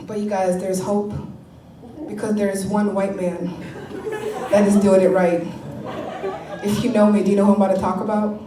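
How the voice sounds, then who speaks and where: A woman performing a stand-up comedy set, animated and laughing often, swearing and mocking what people say. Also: mid-range voice, normal speed, pauses often, roomy sound, distant mic, a crowd in the background, rough recording.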